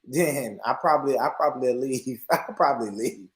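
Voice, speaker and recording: A man's voice: fairly quick, hardly any pauses, low-quality recording. A man from Tennessee, chatting casually and animatedly on a live online panel. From Tennessee, USA. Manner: animated, laughing, mocking high-pitched put-on accents.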